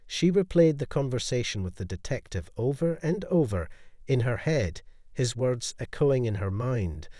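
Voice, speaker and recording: A man tells a scripted dramatic story in a steady storytelling manner. His pitch moves lively and animated through the sentences. The recording is dry, with no room echo. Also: normal speed. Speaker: narrator.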